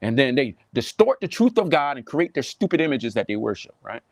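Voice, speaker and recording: Animated Southern preacher man, lively pitch. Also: brisk, dry recording, studio quality. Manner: animated, preachy, mocking impressions, repeats himself. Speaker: pastor. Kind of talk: preaching commentary to camera. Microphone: webcam or phone on a desk, livestream.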